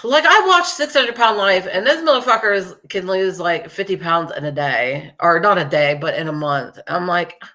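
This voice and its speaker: Chatty, profane woman host, bright voice. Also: fairly low pitch, lively intonation, normal speed, hardly any pauses. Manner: chatty, profane, rambling, laughs often. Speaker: true crime podcast host. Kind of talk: casual chat to viewers.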